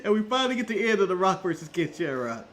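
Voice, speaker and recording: A man co-hosting a casual wrestling recap chat, excitable and laughing often. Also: sits high, quick pace, slight background noise. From United States. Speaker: co-host.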